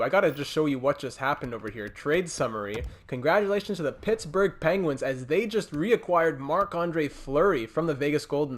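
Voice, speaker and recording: A young man giving casual, thinking-aloud commentary over a hockey video game as a gaming channel host. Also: medium pitch. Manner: thinks aloud, chatty, restarts and talks to teams. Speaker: gaming YouTuber.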